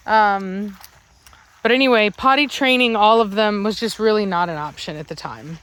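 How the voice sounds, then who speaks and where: A woman's voice: mid-range voice, normal speed, a bit bright. A woman dog breeder chatting casually about her puppies and their training, breaking into cooing baby talk at the dogs. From Virginia, United States. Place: home with dogs around.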